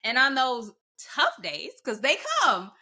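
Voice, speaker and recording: A woman's voice: on the high side, big pitch swings, slow pace, sharp tone. A woman hosting a podcast interview, asking questions and sharing advice in an earnest, affirming way, with long run-on thoughts. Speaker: podcast host.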